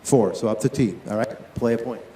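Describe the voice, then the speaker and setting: A man teaching tennis in a live on-court demonstration, talking to his players and to watching coaches with quick, lively questions. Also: medium pitch, echoey room, a little hiss or hum.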